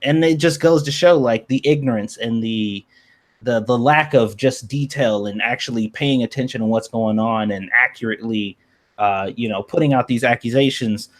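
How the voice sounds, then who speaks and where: A man co-hosting a casual podcast, his voice sitting in an ordinary middle pitch. He makes his case bluntly, with blunt profanity throughout. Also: normal speed. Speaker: podcast co-host. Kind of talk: casual chat.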